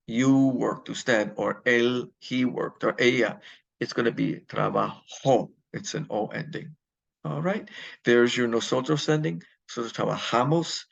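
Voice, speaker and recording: A man's voice: medium pitch, vocal fry, fairly bright tone, poor audio. A man teaching a Spanish grammar lesson, explaining step by step and answering his own questions.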